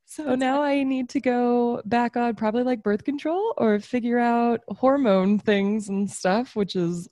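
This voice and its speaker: With a fairly high, mellow voice and an unhurried delivery, a young woman co-hosts a podcast. She chats casually and rambles, leaning on lots of fillers, and the clean studio audio has no echo.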